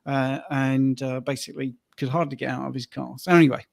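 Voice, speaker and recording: A man's voice: mid-range voice, fairly even intonation, a little fast, vocal fry, no room sound, studio quality. A man, a fitness coach co-hosting a live stream, chatting casually and telling stories about his clients. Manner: storytelling, acts out quoted voices.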